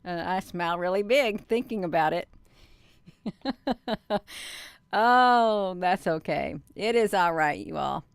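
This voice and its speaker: A woman's voice: fairly low pitch, expressive, unhurried, creaky, long pauses, no echo. A middle-aged woman hosting a casual live stream, chatty and laughing often, with plenty of ums, who keeps saying "you all.". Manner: says "you all" instead of "y'all". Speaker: channel host.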